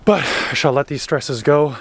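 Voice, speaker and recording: A man's voice: fairly high pitch, normal speed. A man rambling to his camera as he vlogs casually outdoors, stopping and restarting and laughing at his own troubles. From Canada. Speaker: vlogger living on a boat. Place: outdoors on the water and at a horse paddock. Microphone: camera mic.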